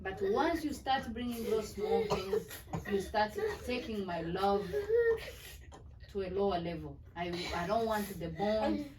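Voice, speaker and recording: A woman's voice: medium pitch, animated, a little slow, a crowd in the background. A middle-aged woman, a mother lecturing her children at a family meeting in a firm, earnest way. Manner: firm, earnest, repeats "do you hear me". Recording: distant mic with faint background noise.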